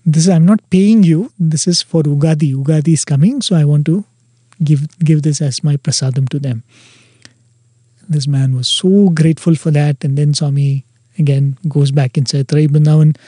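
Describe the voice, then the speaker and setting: A man's voice: fairly high pitch, normal speed, mellow, dry recording. A man earnestly telling a devotional story, quoting dialogue along the way. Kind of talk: devotional anecdote.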